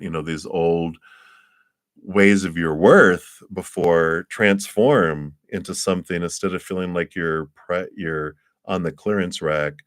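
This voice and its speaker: Deep-voiced man giving a gentle tarot reading. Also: no echo, clean studio sound. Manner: warm, encouraging, chuckles often, rambling restarts. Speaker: tarot reader.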